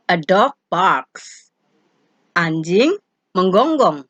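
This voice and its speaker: Slow, lively woman teacher. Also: breathy edge, no room sound, muffled recording. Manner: slow and deliberate, imitates animal calls in high squeaks. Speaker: language teacher. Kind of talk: bilingual vocabulary lesson.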